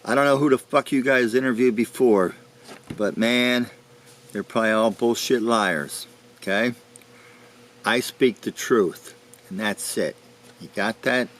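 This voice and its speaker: An actor playing a foul-mouthed, short-tempered recluse who talks in a threatening way. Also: male voice, medium pitch, measured pace, long pauses, fairly bright tone, a little hiss or hum, lightly acted. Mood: menacing. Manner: threatening, profane, growling. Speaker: interview subject in a mockumentary.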